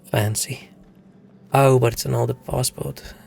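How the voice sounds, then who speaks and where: Streaming a game, this young adult man from South Africa chats casually, swearing as he spins meandering stories. His voice is medium in pitch, gravelly and somewhat dark, with a steady tone and measured pace, and there's slight background noise.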